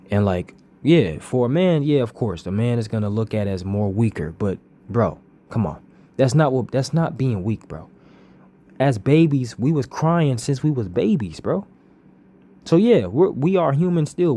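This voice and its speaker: Man, casual motivational vlog, earnest and repetitive, warm mellow tone. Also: mid-range voice. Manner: earnest, repetitive, peppered with "bro" and "you know what I'm saying". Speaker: vlogger.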